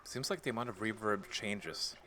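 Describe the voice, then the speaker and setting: A man's voice: lowish voice, normal speed, pushed and bright. A young man giving joking, thinking-aloud commentary while streaming a game live. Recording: long echoing reverb, faint noise.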